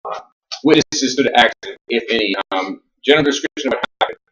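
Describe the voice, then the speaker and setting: A man's voice: mid-range voice, fast talker, a bit bright. Echoey man lecturing a class. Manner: conversational, repeats and restarts words, asks the class questions. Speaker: law instructor and attorney.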